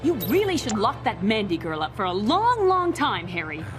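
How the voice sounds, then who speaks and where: A woman's voice: medium pitch, wildly swooping pitch, normal speed. A woman voicing a gushing cartoon mother, sugary in her praise, from a clip with music behind.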